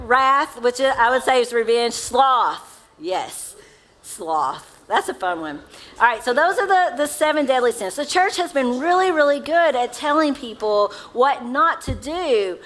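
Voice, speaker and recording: In a church sanctuary, a Southern woman pastor with a high-pitched, somewhat bright voice gives a sermon. She keeps a casual, conversational tone and puts questions to the congregation, over a rough recording.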